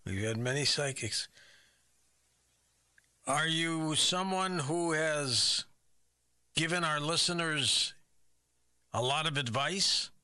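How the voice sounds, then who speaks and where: A man hosting a comic guessing show, his voice very bright and slightly high. He fires off curious, probing questions and reacts with puzzled surprise. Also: slow, long pauses. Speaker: game show host.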